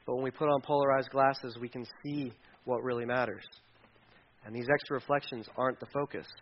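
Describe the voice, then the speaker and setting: A man preaching a sermon as pastor, animated, sometimes mimicking whiny complaints and dropping to a quiet, earnest tone. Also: medium pitch, fairly quick, slight background noise. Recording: dull lo-fi sound.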